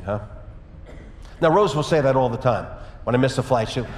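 A man preaching a sermon as pastor, telling a personal story in a conversational way with lively asides. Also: mid-range voice, normal speed, long pauses. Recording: echoey hall with long reverb.

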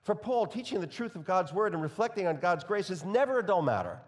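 Male preacher, faint New York accent, animated when excited, in a reverberant hall. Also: high voice, a little fast. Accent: New York, slight. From New York area. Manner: enthusiastic, speeds up when excited, reads scripture aloud. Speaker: pastor. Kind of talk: expository sermon.

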